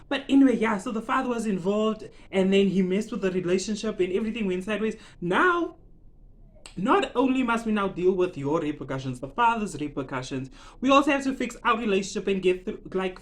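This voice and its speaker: Lively, laughing vlogger recapping dramatically. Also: medium pitch, a little fast. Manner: dramatic, laughing, rhetorical questions. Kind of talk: casual animated series recap.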